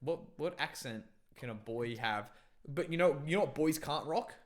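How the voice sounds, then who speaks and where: A man's voice: a little high, animated. Brief: young guy, podcast co-host, loose and sweary, jumps into bits. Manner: swears a lot, jumps between quick impressions of accents. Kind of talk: casual chat.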